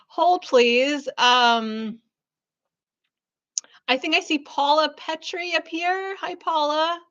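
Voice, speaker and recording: A woman hosting a live-stream reading alone in her room, chatting warmly and effusively with viewers, full of fillers. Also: extremely high pitch, animated, takes it slowly, dull audio. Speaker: spiritual business coach hosting a live reading.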